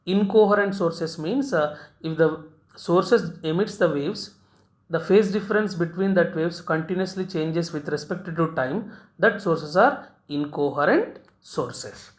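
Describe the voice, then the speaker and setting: A man teaching physics, explaining step by step and pausing on "uh" before key terms. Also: a little high. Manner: halting, frequent "uh" before key terms, repeats phrases. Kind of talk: recorded physics lecture at a board. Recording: echoey room.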